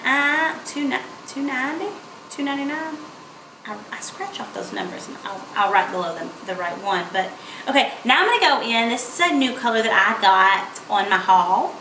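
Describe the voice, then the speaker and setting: A woman's voice: high voice, sing-song, a little slow, pushed and bright, a little hiss or hum. A young woman, chatting playfully through a makeup tutorial. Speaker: beauty vlogger. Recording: echoey room.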